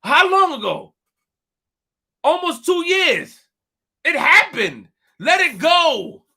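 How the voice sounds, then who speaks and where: A man's voice: very high-pitched, big pitch swings, takes it slowly, vocal fry, pushed and bright. A man hosting a live stream, talking emphatically, repeating himself and addressing his chat directly. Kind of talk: animated live stream commentary.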